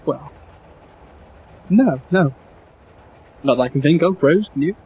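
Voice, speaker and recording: A man's voice: fairly high pitch, expressive, measured pace, slight background noise. A man playing a character in a tabletop role-playing game, speaking politely and a little hesitantly. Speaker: player. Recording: dull lo-fi sound.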